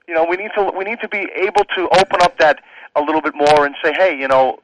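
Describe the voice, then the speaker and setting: A pastor appears as a guest on a radio talk show, speaking earnestly yet casually with lots of "you know" fillers and restarts. His voice is high, quick, and a bit bright, captured with no room sound and poor audio quality.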